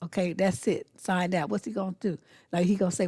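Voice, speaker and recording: A middle-aged woman talks straight to the listener as a dating coach, blunt and sassy. Her voice has a gravelly edge at the bottom. The sound is dry, as if the mic sits close in a small, dead room. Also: lowish voice, steady tone, dark tone, no room sound. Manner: blunt, sassy, acts out quick dialogues. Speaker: relationship coach. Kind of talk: casual advice monologue.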